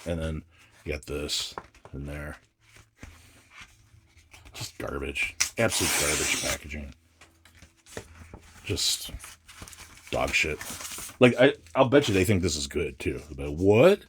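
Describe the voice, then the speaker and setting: A man's voice: extremely low pitch, lively intonation, slow, long pauses, noisy background. A man vlogging while unboxing comics, grumbling and swearing in a casual, exasperated rant. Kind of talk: casual ranting unboxing vlog.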